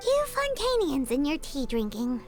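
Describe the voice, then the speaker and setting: A woman voices a tiny, chatty fairy-girl companion in a video game who refers to herself in the third person. Her high voice swoops wildly in pitch at a normal speed, sounding chirpy and curious, with game music in the background.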